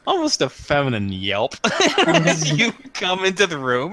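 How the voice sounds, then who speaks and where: Bright, lively game master. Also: mid-range voice. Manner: amused, halting narration with fillers. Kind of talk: narrating a tabletop game.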